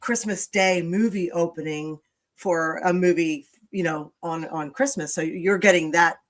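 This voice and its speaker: A woman's voice: fairly low pitch, steady tone, measured pace. A woman hosting a live-streamed talk show, speaking conversationally with many fillers and checking in with her guests. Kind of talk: casual live-stream interview.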